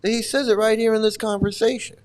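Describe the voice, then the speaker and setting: An older man talks off the cuff in a fairly high voice, blunt and profane, circling back over his points with many restarts. It sounds like casual solo commentary. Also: fairly even intonation, fast talker.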